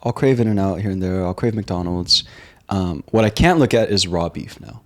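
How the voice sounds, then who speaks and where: A man being interviewed as a guest, talking in a relaxed, laid-back way with frequent ums. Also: low voice, moderate pace. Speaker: restaurant co-founder guest. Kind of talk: casual interview chat.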